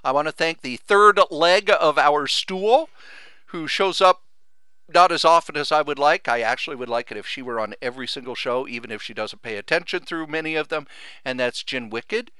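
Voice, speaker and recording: A man's voice: fairly high pitch, moderate pace, bright, forceful tone, smooth, no room sound. Earnest, emotional male podcast host. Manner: earnest, rambling, grows emotional. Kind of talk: heartfelt thank-you monologue.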